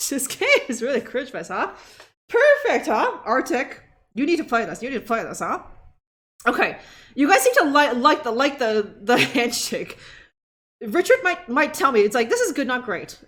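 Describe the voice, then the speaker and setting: A woman's voice: high-pitched, sing-song, moderate pace, a bit bright. A woman streaming a video game, joking sarcastically, laughing often, swearing, and ending lines with "huh?". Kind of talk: live gameplay commentary.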